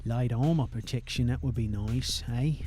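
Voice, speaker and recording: A man's voice: medium pitch, normal speed, warm tone, soft background music. Profane young man commenting on gameplay. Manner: profane, ends sentences with "eh?". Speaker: gamer.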